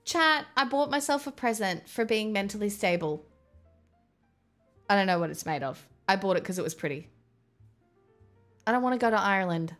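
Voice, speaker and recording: A young woman with a medium-pitched voice talks at normal speed on a live stream, chatting casually. She rambles and swears, throwing in exasperated asides, with faint music playing behind her.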